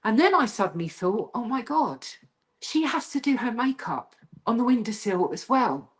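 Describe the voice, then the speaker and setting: A woman guest telling a haunting story on a video call, acting out the voices she quotes and going high and tense as the fright builds. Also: moderate pace. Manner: lively storyteller who acts out quoted voices, rising high when frightened. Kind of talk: animated storytelling interview.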